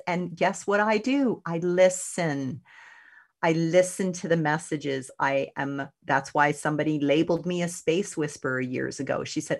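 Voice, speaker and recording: Low-voiced middle-aged lady radio host, chatty and animated, laughs a lot. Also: normal speed, gravelly. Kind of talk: casual motivational talk.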